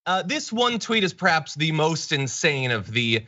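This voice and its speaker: A man's voice: fairly high pitch, slow, few pauses, muffled recording. Sarcastic man hosting political commentary. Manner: deadpan, mocking asides. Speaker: news commentary host.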